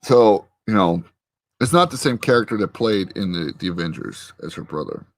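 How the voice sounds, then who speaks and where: A man's voice: low-pitched, lively intonation, normal speed, no room sound. A man hosting a casual chat, rambling as he retells a show's scenes and slips into the characters' lines. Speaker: host. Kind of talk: casual show recap chat.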